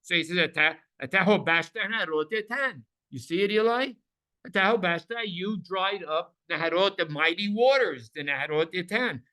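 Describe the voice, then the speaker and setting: Guy teaching a bible class, kinda high bright pushy voice, keeps repeating stuff and asking the room questions. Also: moderate pace. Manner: animated, repeats words for emphasis, asks listeners questions.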